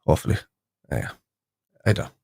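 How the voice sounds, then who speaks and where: A man's voice: moderate pace, a little mellow, dry recording, clean studio sound. A young man hosting a casual fan live stream, chatting loosely with viewers and rambling through restarts and fillers. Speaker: fan show host.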